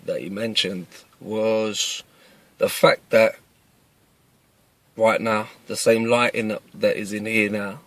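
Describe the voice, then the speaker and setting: Cockney man, thirties, low voice, plain-spoken self-defence vlogger talking from his car. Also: fairly bright tone, no echo. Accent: East London Cockney. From East London, England. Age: 30s. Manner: earnest, plain-spoken, repeats himself with restarts. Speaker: self-defence video maker. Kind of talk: casual talk to camera. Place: inside a parked car.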